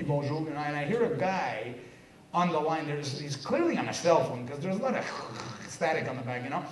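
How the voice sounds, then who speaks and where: A man in his thirties from Quebec, somewhat high-voiced, tells his story to a seminar crowd with jokes and energy. His voice is caught from a distance and rings through a roomy hall, and an audience can be heard around him. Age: 30s. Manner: energetic, joking, self-mocking storyteller. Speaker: business seminar speaker. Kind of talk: motivational stage talk.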